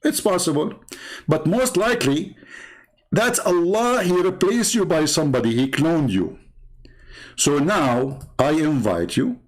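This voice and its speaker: A man's voice: on the high side, expressive, a little slow. Taunting man with a tinged voice. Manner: taunting, sarcastic, repeats words for emphasis. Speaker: online debate host. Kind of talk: mocking monologue.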